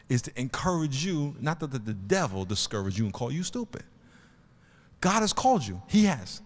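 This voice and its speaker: A man's voice: on the high side, big-room sound. A man preaching a sermon to his church, telling stories and driving his points home emphatically. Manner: emphatic, storytelling, swings between quiet and loud. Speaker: pastor. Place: church sanctuary before a congregation.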